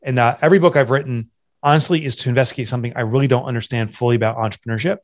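A man's voice: mid-range voice, fairly even intonation, racing. A man in his forties, a guest entrepreneur and author, telling his story candidly in an interview, earnest and at times choked up. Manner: earnest, confessional, restarts often. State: emotional, voice catching.

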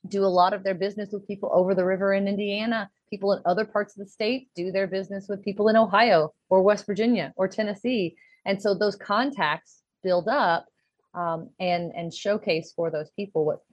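A woman's voice: mid-range voice, normal speed, darkish tone, no echo. Enthusiastic woman on a video call. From Louisville, Kentucky. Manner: enthusiastic, explanatory. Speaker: linguistics professor, guest. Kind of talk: interview answers. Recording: slightly muffled video call audio.

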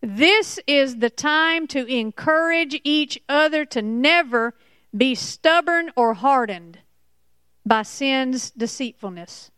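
A woman preaching a Bible sermon, slow and emphatic, repeating key points. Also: high-pitched, fairly bright tone, clear, resonant tone, dry recording. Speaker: Bible teacher.

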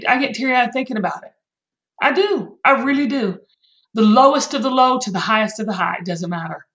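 Earnest folksy woman guest, slightly high voice, dull echoey recording. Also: lively intonation, fairly quick, fairly bright tone. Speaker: podcast guest, author. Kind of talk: heartfelt conversational interview. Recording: echoey room, dull lo-fi sound.

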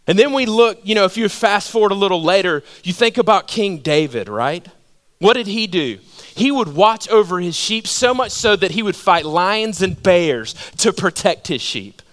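At normal speed, a male pastor preaches in a strikingly high voice, telling stories animatedly. Rhetorical questions recur throughout to keep listeners engaged.

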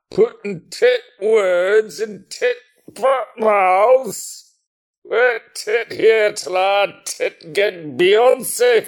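A man's voice: high voice, full character voice. A man putting on a drawling northern English local. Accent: put-on northern English. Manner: drawling, clipped words. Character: gruff man with a broad northern English dialect. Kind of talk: amateur radio comedy sketch.

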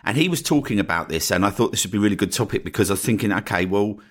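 A chatty podcast host from northeast Essex, England talks casually on his solo podcast in a low voice. He's animated and very fast, often ending his points with "right?"

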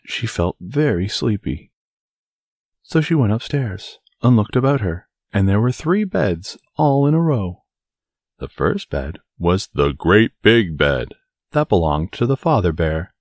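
A man narrating a bedtime fairy tale in an expressive, soothing read-aloud manner. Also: sits low, dry recording, clean studio sound. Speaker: storyteller.

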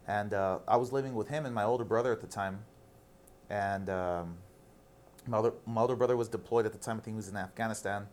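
A man's voice: on the low side, quick pace, darkish tone. A man in his thirties, a guest on a casual interview, telling stories candidly and animatedly, with some casual swearing.

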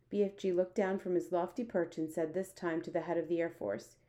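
A woman narrating a children's story aloud, expressive and animated. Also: on the low side, a little fast, few pauses. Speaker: audiobook reader.

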